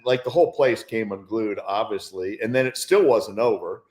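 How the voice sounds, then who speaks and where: A man with a fairly low voice, speaking as a guest analyst on a sports talk show. He talks things through with eager, reflective enthusiasm. His voice carries a roomy echo. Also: normal speed. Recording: roomy, echoey sound.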